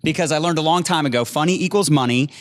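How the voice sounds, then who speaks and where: A man's voice: on the high side, quick pace. A man on a business panel giving loose, jokey, upbeat motivational advice. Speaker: panel speaker. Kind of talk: motivational speech.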